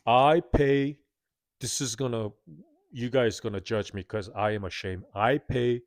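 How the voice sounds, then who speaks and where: A man's voice: fairly low pitch, a little slow, no room sound, clean studio sound. Candid, self-critical man in his thirties. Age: 30s. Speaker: vlogger. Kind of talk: confessional monologue to camera.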